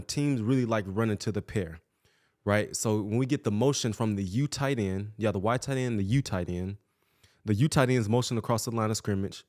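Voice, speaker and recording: A man hosting a podcast, breaking down football film in a coaching way, explaining step by step with quick self-corrections. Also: fairly low pitch, darkish tone. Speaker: podcast host.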